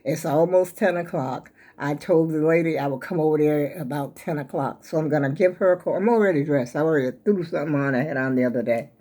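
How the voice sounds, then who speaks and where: A woman's voice: sits low, fast, few pauses, mellow. An older woman, chatting casually and rambling folksy to her viewers at home while a little out of breath. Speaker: vlogger showing her crochet. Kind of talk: casual chat to camera.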